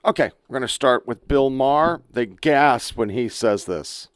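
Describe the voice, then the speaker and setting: A man's voice: mid-range voice, lively intonation, a little slow, no echo. A man from the United States hosting a political podcast, ranting crudely and with exasperation while playing clips. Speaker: podcast host. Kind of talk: profane political commentary.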